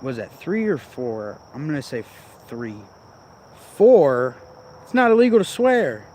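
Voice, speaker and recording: A man talks straight into his own vlog, rambling and swearing freely with a grumbling, irritated edge. His voice sits at an ordinary middle pitch. Crickets and insects chirp faintly behind him outdoors. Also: big pitch swings, a little slow, a little mellow, slight background noise. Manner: profane, rambling, irritated ranting. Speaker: vlogger.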